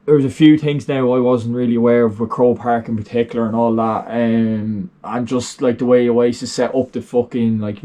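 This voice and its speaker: A man's voice: medium pitch, mellow. Irish young man, rambling sweary vlog storyteller, unscripted. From Ireland. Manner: rambling, sweary, lots of fillers. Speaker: vlogger.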